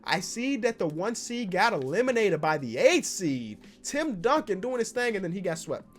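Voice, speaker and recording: A man giving excitable gaming commentary as a basketball YouTuber, now and then bursting into loud shouts. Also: high-pitched, moderate pace.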